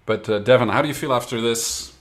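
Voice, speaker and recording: A man's voice: mid-range voice, fast. A man hosting a casual backstage interview, asking thoughtful questions. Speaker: podcast host.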